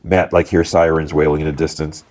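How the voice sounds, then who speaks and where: A man's voice: very deep voice, flat delivery, a little fast, darkish tone. A man hosting a podcast, casually recapping a TV episode in a rambling way with many fillers. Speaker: podcast host.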